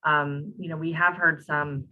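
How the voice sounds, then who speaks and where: Low, bright-toned woman hosting, dull sound. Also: level tone, measured pace. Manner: conversational, many fillers. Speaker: host, moderator. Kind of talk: online talk Q&A.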